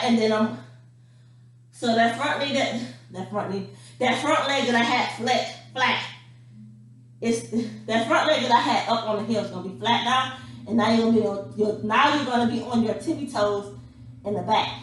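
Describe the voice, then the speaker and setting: Breathless dance teacher in an echoey room. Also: female voice, a little high. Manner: energetic, chatty, calls viewers honey and darling. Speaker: dance instructor. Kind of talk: home workout instruction. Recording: very echoey room, mic far off, faint hum.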